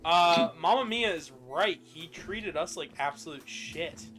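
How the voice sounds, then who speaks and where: Young male streamer, chatty and animated; bright, edgy tone, sits a little high, light game music underneath. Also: unhurried. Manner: chatty, animated, swears casually. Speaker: streamer playing a video game. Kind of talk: casual chat while gaming.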